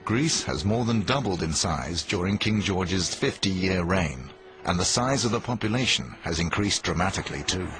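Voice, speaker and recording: A man's voice: sits low, lively intonation, moderate pace, fairly bright tone. Man narrating a history documentary. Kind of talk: scripted narration. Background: music.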